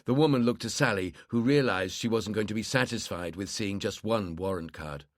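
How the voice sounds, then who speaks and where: A man's voice: lowish voice, moderate pace, no echo. Man narrating a crime thriller, dry sound. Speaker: audiobook narrator.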